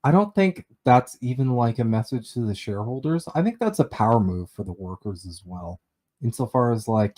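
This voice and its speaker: A man's voice: medium pitch, expressive, normal speed, a little mellow. Sardonic man, casual chat. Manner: loose, profane, sardonic. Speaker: podcast co-host.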